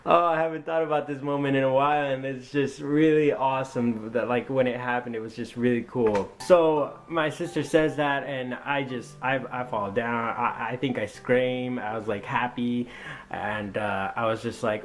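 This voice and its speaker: A young man vlogging a personal story, excitable and acting out his own lines of dialogue. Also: mid-range voice, measured pace, faint music behind. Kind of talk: storytelling vlog.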